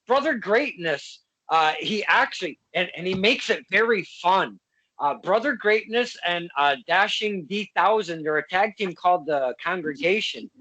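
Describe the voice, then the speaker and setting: A man with a high, bright voice hosts the interview. He sounds like an eager fan, tripping over fillers and restarts as he talks. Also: lively intonation, rough recording. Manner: enthusiastic fan, halting with fillers. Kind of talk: casual interview chat.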